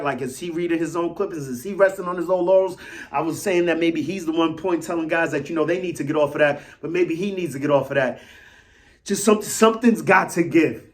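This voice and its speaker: This fan vlogger is a man with a fairly high-pitched voice, talking on his own in a loose, excitable way. He circles back over the same points and his loudness keeps shifting between strong and quiet.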